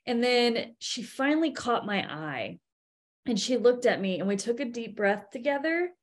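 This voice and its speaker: Animated storytelling mom in her thirties. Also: fairly high pitch, moderate pace. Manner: animated storytelling, acts out quotes. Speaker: podcast guest, event co-founder. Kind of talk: casual interview chat.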